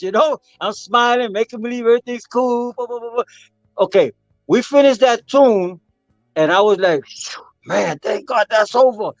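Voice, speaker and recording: An older man, a percussionist, telling a story with animated energy, acting out voices and singing rhythms. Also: sits high, dry recording, highs cut off. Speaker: percussionist guest. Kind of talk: storytelling interview.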